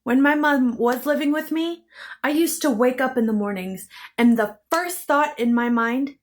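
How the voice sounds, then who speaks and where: A woman's voice: high voice, normal speed. A woman telling her own story to camera in an intense, bitter way, swearing heavily and repeating phrases for emphasis. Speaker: vlogger. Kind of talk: emotional personal storytelling.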